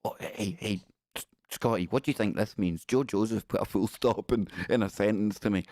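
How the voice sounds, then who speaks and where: A man putting on the voice of an anxious young man fretting over a text message, quick and hushed. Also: lowish voice, no echo, lightly acted. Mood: fretful.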